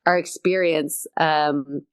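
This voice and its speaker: Comedian lady on a podcast, lowish voice, acts out little scenes, swears a lot, dead dry sound. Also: slow pace, clear, resonant tone, dry recording. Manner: animated storyteller, acts out quotes, swears freely. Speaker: comedian guest. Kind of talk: casual podcast chat.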